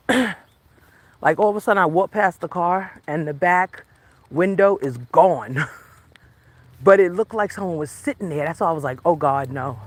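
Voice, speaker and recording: Chatty woman vlogging on a walk. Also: low-pitched. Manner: chatty, laughs often, talks to her dog. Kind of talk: casual walking vlog. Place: outdoors on a residential street.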